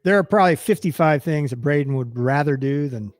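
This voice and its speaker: A man's voice: a little high, dry recording, clean studio sound. A man in his fifties hosting sports radio, chatting casually and joking with his co-hosts. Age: 50s. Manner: lively, joking, quick to laugh. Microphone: studio mic.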